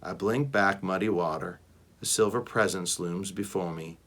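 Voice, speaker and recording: A man, a teacher, reading a first-person animal novel aloud with expressive delivery. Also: low-pitched, moderate pace. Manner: expressive, shifts between voices.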